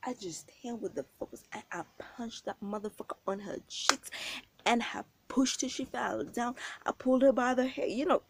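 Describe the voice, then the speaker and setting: A woman telling a story on her vlog, slangy and animated, acting out the quotes with loud bursts. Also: a little high, moderate pace, vocal fry, husky. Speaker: vlogger.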